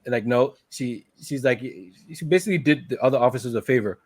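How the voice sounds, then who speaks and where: A man's voice: medium pitch, fairly quick, dry recording. A man in an average register talks his co-host through a film's plot in a loose, conversational way. He slips into quoted lines from the characters and breaks into laughter along the way. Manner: animated retelling, laughs often, quoting characters. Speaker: podcast co-host. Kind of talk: casual movie recap.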